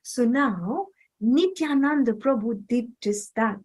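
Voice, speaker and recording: A woman's voice: a little high, takes it slowly, rough recording. A woman animatedly telling a devotional story to a child, asking her questions as she goes. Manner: animated, questioning, acts out voices.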